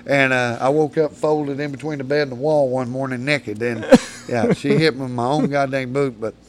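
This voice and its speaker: A man's voice: medium pitch, steady tone, moderate pace. A man, a podcast guest, telling long, profane stories in a rambling, casual way. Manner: rambling, profane, laughs through his tales. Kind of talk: casual storytelling.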